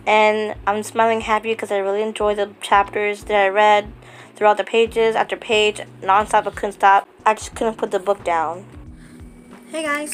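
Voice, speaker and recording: A woman vlogging casually, gushing and excitable, with lots of fillers. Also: medium pitch. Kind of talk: casual book vlog.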